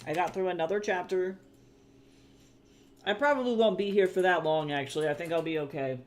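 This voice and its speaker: High-voiced man chatting on stream. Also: brisk. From United States. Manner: chatty, swearing freely, reacting to chat. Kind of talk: casual livestream chat with viewers.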